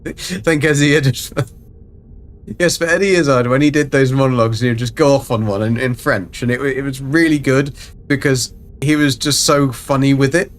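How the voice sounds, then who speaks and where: A man's voice: mid-range voice, steady tone, normal speed. A man chatting casually and rambling through a live game stream. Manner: chatty, rambling, self-mocking.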